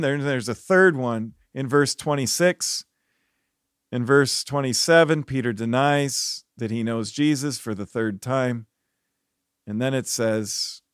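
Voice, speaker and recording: A man preaching a devotional sermon as a pastor, telling stories earnestly and dropping his voice softly for the reflective parts. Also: mid-range voice, no room sound, studio quality. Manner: earnest storytelling, rising when animated, dropping soft for reflection.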